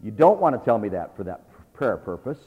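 Preacher on a tinny, echoing recording. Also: male voice, lowish voice, big pitch swings, a little fast, husky. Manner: exhorting, swings between quiet asides and loud emphatic preaching. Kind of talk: sermon. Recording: tinny phone-like sound with long reverb.

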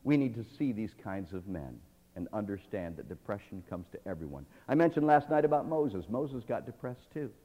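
A man's voice: fairly low pitch, expressive, normal speed, muffled recording. Male pastor, dramatic sermon, dynamic swings, church hall reverb. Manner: dramatic swings from hushed to loud.

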